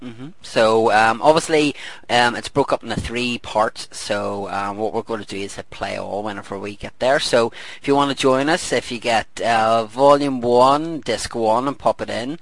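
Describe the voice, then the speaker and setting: A man's voice: mid-range voice, normal speed, hardly any pauses, dry recording, rough recording. A man hosting a podcast commentary, chatting casually, rambling with fillers and laughter. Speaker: podcast host.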